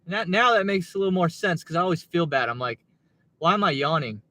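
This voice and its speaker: Male livestreamer, somewhat high voice; laid-back, sleepy, thinking out loud from the driver's seat. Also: lively intonation, quick pace. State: tired, yawning. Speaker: gig delivery driver livestreaming. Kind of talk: casual livestream chat, reading viewer comments. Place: in a car.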